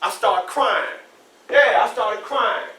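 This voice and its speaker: Man in his 60s, high bright voice, storytelling to a class, echoey room heard from a distance. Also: takes it slowly. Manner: vivid, repetitive storytelling that asks the audience questions. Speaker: guest speaker to an elementary class. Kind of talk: personal storytelling talk. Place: school classroom indoors.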